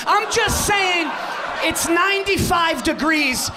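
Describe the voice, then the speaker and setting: A man doing a stand-up comedy set in a live venue, brash and profane, shouting his punchlines. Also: extremely high pitch, expressive, a little fast, crowd noise, noisy background.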